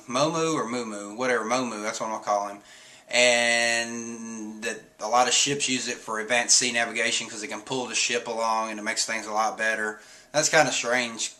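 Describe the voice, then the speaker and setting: Chatty guy recapping a comic, bright voice, laughs a lot. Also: mid-range voice. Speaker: comic reviewer. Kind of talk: casual chapter recap.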